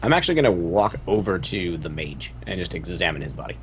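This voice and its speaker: A man's voice: deep voice, very animated, quick pace, slight background noise. A man playing a tabletop game, calling out rolls in a matter-of-fact way. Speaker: player. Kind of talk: tabletop role-play.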